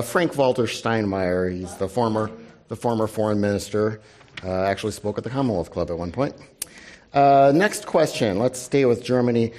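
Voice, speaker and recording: A man moderating a panel and running a news quiz for an audience, brisk and wry, dropping his voice for asides. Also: fairly low pitch, a little mellow. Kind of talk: live panel event hosting.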